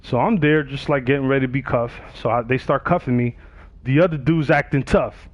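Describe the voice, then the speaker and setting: A man's voice: medium pitch, fairly quick, no room sound. A man, telling a story casually on his livestream and acting out the other people's voices. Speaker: livestream gamer. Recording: dull, dry sound.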